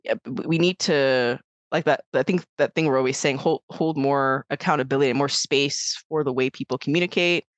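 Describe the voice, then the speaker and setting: A woman's voice: extremely low pitch, a little fast, no echo. A woman co-hosting a podcast in casual chat, rambling with many fillers and restarts, acting out quoted voices as she tells stories. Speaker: podcast co-host.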